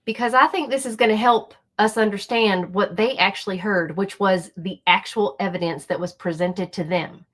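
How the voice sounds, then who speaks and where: A woman's voice: mid-range voice, moderate pace, few pauses. A woman hosting a casual reaction commentary channel, chatty and talking straight to her viewers. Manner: chatty, animated, speaks directly to viewers. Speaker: YouTube commentary host.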